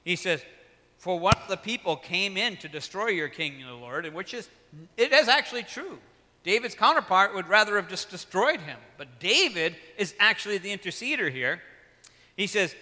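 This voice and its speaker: A man's voice: high voice, expressive, moderate pace, sharp tone, in a large hall. A man preaching a casual, conversational sermon, acting out Bible dialogue and telling personal stories. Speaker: pastor.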